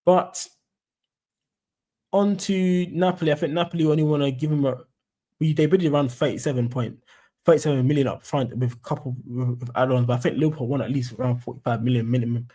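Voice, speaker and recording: Young London bloke, casual streamer, rambling chat, mellow warm tone. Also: male voice, medium pitch, steady tone, brisk. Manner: chatty, rambling, says "mate" and "you know what I'm saying". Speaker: football fan streamer. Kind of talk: casual live-stream commentary.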